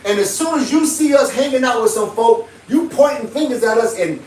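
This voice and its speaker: A man, a pastor ranting emphatically on a livestream, swinging between shouting and low muttering. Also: lively intonation, fairly quick, roomy sound, distant mic, slight background noise, rough recording. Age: 50s. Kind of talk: livestream preaching rant.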